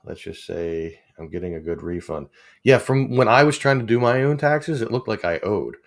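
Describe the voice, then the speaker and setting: A man's voice: fairly low pitch, expressive, normal speed, creaky. A man, chatting casually with viewers on a livestream, rambling and chuckling as he reads the chat. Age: 40s. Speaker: livestream host.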